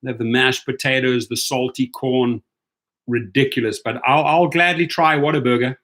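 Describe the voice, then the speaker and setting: Man, live-stream host, casual chat, upbeat, greets viewers, mid pitch. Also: fairly even intonation, moderate pace, a bit bright.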